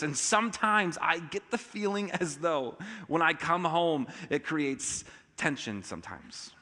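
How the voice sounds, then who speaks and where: Bright, forceful man preaching in echoey hall. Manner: emphatic, with sudden rises in pitch and loudness. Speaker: pastor. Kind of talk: sermon. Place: church auditorium.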